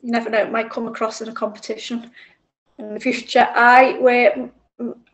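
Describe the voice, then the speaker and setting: A woman's voice: a little high, little pitch movement, fairly quick. A woman co-hosting a podcast, chatting casually, self-deprecating with laughs. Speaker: podcast co-host. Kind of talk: casual chat.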